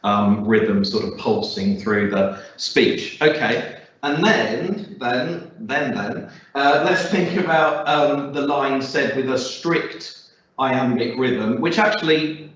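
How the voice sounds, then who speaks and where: A man's voice: medium pitch, takes it slowly, a bit bright, lo-fi sound. A male teacher leading a classroom lesson, encouraging and questioning students, with many fillers. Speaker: English teacher. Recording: echoey classroom, far from mic.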